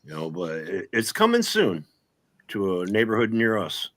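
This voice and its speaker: Man, low voice, blunt, sarcastic, profane, casual political talk. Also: wildly swooping pitch, moderate pace, fairly bright tone. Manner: blunt, sarcastic, swears freely.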